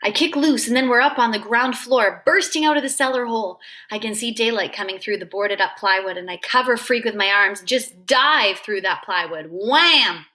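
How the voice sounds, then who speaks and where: Bright woman reading a novel aloud. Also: fairly high pitch, brisk, hardly any pauses. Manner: expressive, dramatic storytelling. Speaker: reader.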